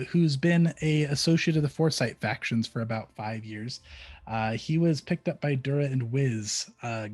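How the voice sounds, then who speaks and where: A man's voice: medium pitch, a little mellow, dry recording. A man narrating as game master of a tabletop game in a casual way, with many fillers.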